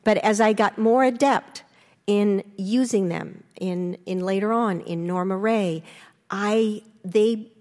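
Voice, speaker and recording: An older woman, an interview guest, telling her story candidly and acting out remembered lines with lively restarts. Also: takes it slowly, long reverb tail. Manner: animated, restarts, acts out quotes with rising pitch.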